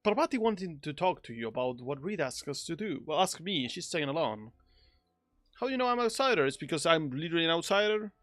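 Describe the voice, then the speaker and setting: A man streaming a video game, rambling and joking as he reacts out loud. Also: fairly high pitch, very animated, fast, dry recording, clean studio sound. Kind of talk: casual gameplay commentary.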